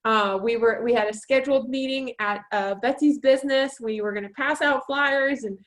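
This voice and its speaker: A woman with a bright, high voice opens a webinar from her own home. She talks with chatty enthusiasm and a casual tone. The sound comes through a video call. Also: moderate pace, rough recording. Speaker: webinar co-host. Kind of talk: casual presentation.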